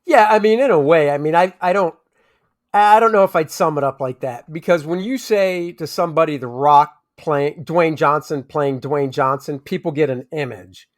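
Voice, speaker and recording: Male co-host with a higher voice, relaxed and rambling, trips over names in a casual review. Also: moderate pace. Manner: rambling, often restarts and gropes for names. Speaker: movie review podcast co-host. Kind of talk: casual conversational movie review.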